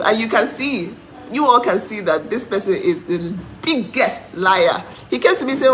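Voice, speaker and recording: A woman's voice: a little high, expressive, normal speed, fairly bright tone, a little hiss or hum, low-quality recording. A young woman from Nigeria ranting to her followers, indignant and mocking, breaking into disbelieving laughs. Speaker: vlogger. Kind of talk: heated live rant to followers.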